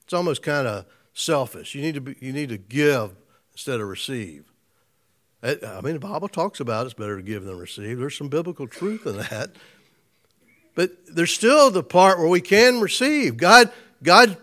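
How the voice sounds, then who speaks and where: A man's voice: a little high, fairly bright tone. A man preaching an informal sermon to a small group, conversational, restarting phrases and chuckling often. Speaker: pastor.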